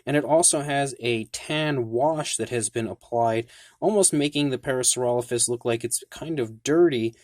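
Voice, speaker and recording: A toy reviewer hosts his own channel, walking through a product with enthusiasm and plenty of detail in a casual tone, dropping "like" frequently. His mid-range voice has a darkish color, recorded with studio quality and no echo.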